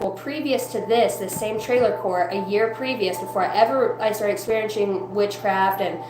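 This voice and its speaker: A woman telling a personal spiritual testimony in a rambling, profane, excitable way. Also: medium pitch, normal speed, hardly any pauses, music in the background. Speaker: evangelist. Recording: roomy echo with faint hum.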